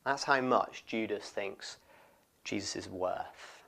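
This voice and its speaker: A man preaching a sermon, expressive and lively, often acting out what people in the story say. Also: lowish voice, takes it slowly, gravelly. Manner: expressive, acts out quoted voices.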